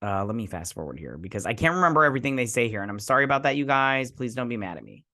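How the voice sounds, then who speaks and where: A man's voice: mid-range voice, very animated, very fast, sharp tone. A man hosting a casual TV review, rambling through an episode recap with loose asides and fillers. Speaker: host of a TV review channel.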